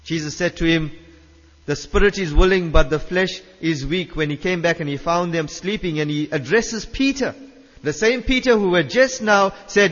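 A man's voice: sits high, moderate pace, a bit bright. A man preaching a sermon, emphatic, repeating his phrases and putting questions to the listeners. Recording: dull reverberant hall sound.

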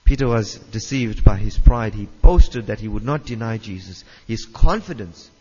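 A man's voice: on the low side, animated, normal speed, a little mellow, husky. A man preaching a sermon, emphatic, repeating his phrases and putting questions to the listeners. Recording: dull reverberant hall sound.

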